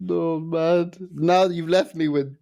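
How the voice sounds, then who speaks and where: A man co-hosting a casual podcast with his brother, excitable and quick to exclaim. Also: a little high, vocal fry, highs cut off. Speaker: podcast co-host. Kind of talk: casual chat between brothers.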